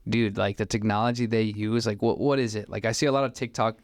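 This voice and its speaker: A man's voice: on the low side, steady tone, fast, no room sound, clean studio sound. A young man in his twenties on a podcast, telling stories in a loose, rambling way with plenty of "like" fillers. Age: 20s. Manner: rambling, filler-heavy storytelling with many "like"s. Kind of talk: casual podcast chat.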